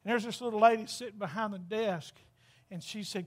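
A man's voice: high-pitched, a little fast. A man preaching a folksy, exclamatory storytelling sermon, laughing at his own jokes.

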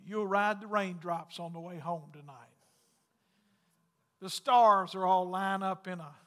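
A pastor preaching in a long, ringing hall. His voice sits high for a man, bright and forceful. He moves from loud calls to hushed, intimate lines in a folksy way. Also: a little slow. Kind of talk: sermon.

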